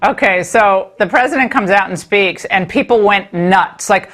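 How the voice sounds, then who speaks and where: A woman hosting a TV interview, talking in an animated, mocking way. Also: medium pitch, normal speed, few pauses. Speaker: TV host.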